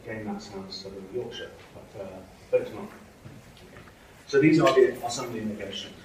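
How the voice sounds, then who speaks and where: A man's voice: on the low side, brisk. A man giving a university lecture, explaining with frequent checks like "okay?" and "right?". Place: lecture hall. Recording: echoey hall from far off, faint noise.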